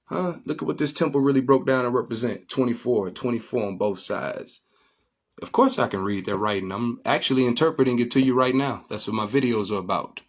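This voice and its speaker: A man's voice: mid-range voice, lively intonation, normal speed, fairly bright tone. A man giving an informal spiritual lecture, preachy and repetitive, often asking listeners if they follow him. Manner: preachy, repetitive, asks listeners "get my drift?". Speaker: spiritual teacher. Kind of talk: informal lecture, explaining images.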